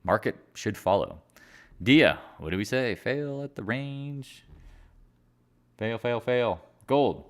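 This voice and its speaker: A man's voice: medium pitch, lively intonation, takes it slowly, long pauses, clean tone. Rambling, joking man on a market stream. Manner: joking, rambling, laughs at own jokes; sings and mimics other traders in silly voices. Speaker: market chat host. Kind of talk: casual live-stream market commentary.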